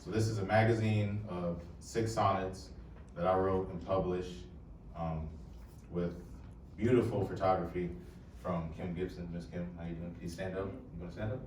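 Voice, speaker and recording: Deep-voiced young man talking to a live crowd. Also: little pitch movement, moderate pace, darkish tone, a little hiss or hum. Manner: casual, joking, addresses the crowd. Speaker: poet and presenter. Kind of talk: live talk to an audience. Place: room with a live audience. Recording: echoey room, voice heard from far off.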